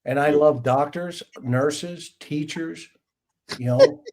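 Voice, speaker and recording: A man's voice: fairly high pitch, slow pace, darkish tone, slight background noise. A middle-aged man hosting a livestream panel chat, telling stories with enthusiasm and emphasis over a video call. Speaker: host.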